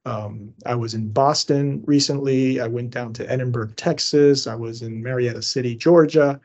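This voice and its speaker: A man's voice: mid-range voice, fairly even intonation, moderate pace, a little mellow. A middle-aged man from Cuba, an educator speaking as a podcast guest, talking earnestly and growing emphatic when he makes a point. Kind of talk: conversational podcast interview.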